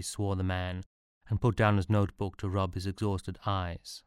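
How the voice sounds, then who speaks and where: A man reads a story aloud in an expressive way, giving each character its own voice. His natural voice is low. The recording is dry and close, with no room echo. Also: moderate pace, clear, resonant tone. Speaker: narrator. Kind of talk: storybook reading.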